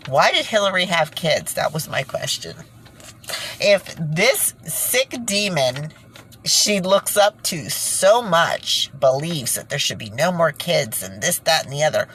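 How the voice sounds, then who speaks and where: A woman's voice: deep voice, animated, normal speed, fairly bright tone, a little hiss or hum, low-quality recording. A woman ranting indignantly in a casual monologue to her viewers, breaking off with sighs and nervous laughs. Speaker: vlogger.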